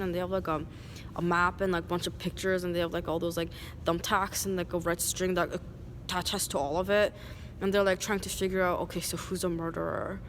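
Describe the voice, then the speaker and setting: Casting: woman vlogger, rambling, noisy street background. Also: on the low side. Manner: rambling, many "like" fillers. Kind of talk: rambling casual monologue.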